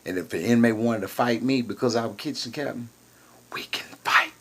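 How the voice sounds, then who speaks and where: A man's voice: mid-range voice, fairly quick, a bit bright. A man from Houston telling a boastful, slang-filled, profane story in a casual way. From Houston, Texas.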